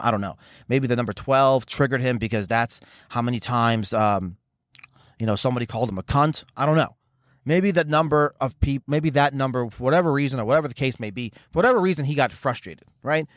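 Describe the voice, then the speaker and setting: A man ranting as a comedy host, sarcastic and profane, drifting off on tangents. His voice sits at an ordinary middle pitch. The sound is dry and a little dull. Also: dry recording. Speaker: show host. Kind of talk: comedic commentary rant. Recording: slightly muffled dry recording.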